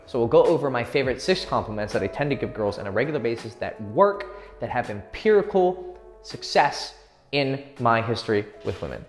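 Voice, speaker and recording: A man's voice: mid-range voice, lively intonation. Dating coach, a crude, cocky man talking straight to camera, echoey room with faint music behind. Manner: brash, crude and swaggering, acts out quick pick-up lines. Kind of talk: profane, direct dating advice.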